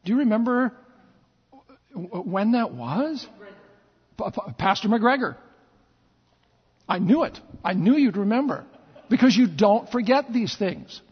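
A pastor telling stories in a sermon, with repeated phrases and dramatic pauses. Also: male voice, high-pitched, expressive, husky. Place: church sanctuary. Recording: long church reverb, dull lo-fi sound.

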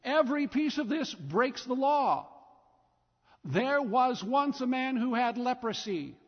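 A man's voice: very high voice, lively intonation, slow. A man preaching a sermon in a church, telling the story emphatically with lots of repetition. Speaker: pastor. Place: church sanctuary. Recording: dull recording with long church reverb.

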